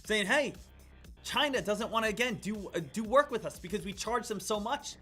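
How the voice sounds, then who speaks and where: A man giving live day-trading commentary, excitable, jumping between loud hype and quiet muttering. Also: sits high, normal speed, husky, soft background music. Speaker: day trader streaming his trades.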